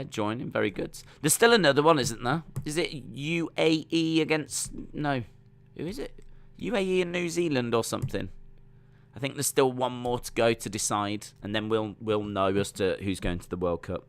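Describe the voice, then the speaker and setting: Chatty man, bright voice. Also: mid-range voice, normal speed, smooth, no echo. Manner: rambling, chatty, full of fillers. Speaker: wrestling watch-along streamer. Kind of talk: casual live-stream commentary.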